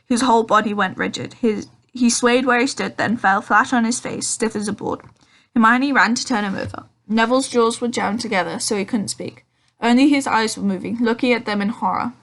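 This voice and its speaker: A woman's voice: on the high side, a little fast, fairly bright tone. A woman reading a children's novel aloud, with frequent ums and self-corrections. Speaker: audiobook reader.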